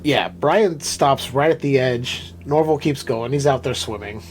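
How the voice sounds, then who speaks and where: A man co-hosting a casual podcast, recapping a film in an animated, profane way and acting out the characters' lines. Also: medium pitch, unhurried, slight background noise. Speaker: podcast co-host.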